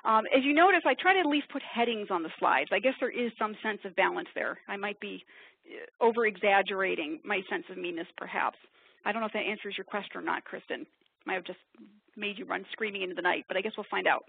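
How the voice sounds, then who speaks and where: A woman from upstate New York presenting a webinar, talking quickly in a chatty, self-deprecating way. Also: mid-range voice, vocal fry, breathy edge, dry recording. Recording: tinny phone-like webinar audio.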